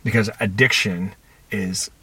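A man's voice: fairly low pitch, fairly even intonation, measured pace, pushed and bright, husky, dry recording. A man on a podcast, a counselor talking reflectively and telling stories about his clients in quoted dialogue. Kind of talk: conversational podcast talk.

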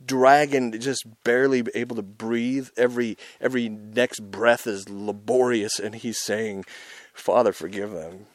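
A man preaching an informal, intense sermon as the host of his show, talking in a conversational way with many asides and rising loud on his emphasis. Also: medium pitch, little pitch movement, unhurried, few pauses, no echo.

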